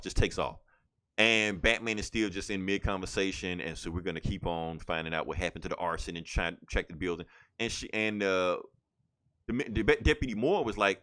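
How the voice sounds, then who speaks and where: A man's voice: on the low side, a bit bright. A man casually recapping a comic book on a podcast, rambling with lots of fillers and quoted lines.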